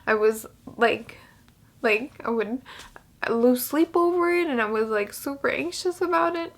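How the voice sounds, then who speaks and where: This young woman's high, expressive voice comes out a bit slowly as she cries on camera. She rambles through her casual vlog with plenty of fillers and restarts, the talk raw and emotional.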